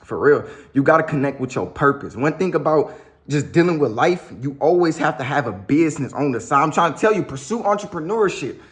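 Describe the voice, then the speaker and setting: A man's voice: fairly high pitch, animated, fairly quick. A young man vlogging to camera with relationship advice, blunt and slangy, often repeating his catchphrases. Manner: blunt, slangy, repeats "you get what I'm saying". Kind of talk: casual direct-to-camera talk.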